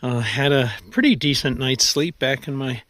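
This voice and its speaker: A man vlogging a long-distance hike outdoors on a mountain trail, talking in a rambling way with pauses and restarts. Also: mid-range voice, fairly bright tone, dry recording. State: out of breath. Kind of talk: trail vlog.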